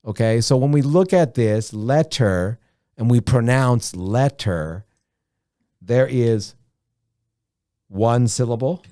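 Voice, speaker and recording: A man teaching a beginner English lesson, speaking slowly and deliberately, repeating words and often saying "okay". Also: mid-range voice, mellow, no echo, clean studio sound. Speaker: ESL teacher.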